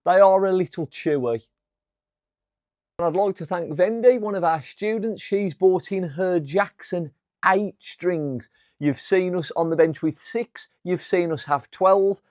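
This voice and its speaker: A man's voice: high-pitched, unhurried, a little mellow, dry recording, clean studio sound. A man, hosting a jokey music shop vlog from his workbench, enthusiastic and fond of puns. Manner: enthusiastic, punning. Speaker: music shop guitar tech and host.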